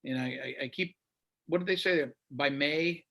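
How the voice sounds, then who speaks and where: A man's voice: on the high side, normal speed, vocal fry, bright, forceful tone. A man in his fifties, a radio host being interviewed, talking bluntly and with animation in casual chat. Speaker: radio show host, guest.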